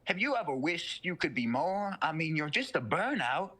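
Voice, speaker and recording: A man's voice: fairly high pitch, sing-song, normal speed, sharp tone, husky, pitched above the performer's own voice, heavily acted. A young man voicing an old Southern male devil with a courtly, folksy drawl. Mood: coaxing. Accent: American Southern. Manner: folksy, polite, sly drawl.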